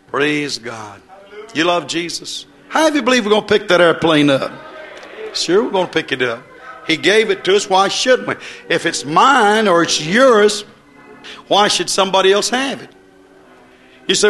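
A man preaching a sermon in a folksy, excitable way, swinging between loud bursts and soft asides. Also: high-pitched, normal speed, soft background music.

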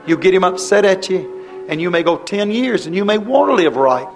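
A man preaching a fervent revival sermon, impassioned and pleading, his voice rising into high cries. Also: animated, brisk, soft background music.

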